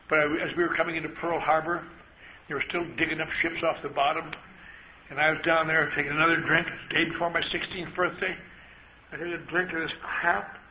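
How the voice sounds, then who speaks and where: An older man speaking as an AA speaker to an audience, a wry, self-mocking storyteller who acts out other people's voices. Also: on the high side. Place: large meeting hall. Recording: dull lo-fi live tape with hiss.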